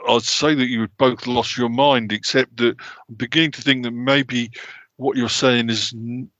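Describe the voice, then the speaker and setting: A man voicing a bewildered older uncle who speaks in a measured, hesitant way. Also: medium pitch, steady tone, a bit bright, dry recording, lightly acted. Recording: dry, slightly dull home recording.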